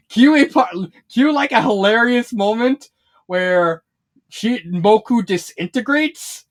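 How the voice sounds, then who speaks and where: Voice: mid-range voice, slow pace. A fanfiction reviewer talking casually, rambling with many restarts and fillers and laughing often while retelling scenes.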